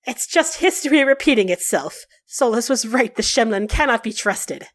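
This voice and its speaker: A woman's voice: fairly high pitch, expressive, moderate pace, close to an everyday voice. A woman doing a defiant scornful elf woman. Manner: sharp and scornful. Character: defiant young woman elf, hostile and proud.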